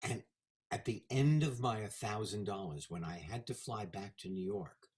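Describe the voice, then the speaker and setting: A man in his seventies, a guest in a casual interview, telling animated stories about his career. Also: fairly low pitch, moderate pace. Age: 70s. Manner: animated anecdotal storyteller.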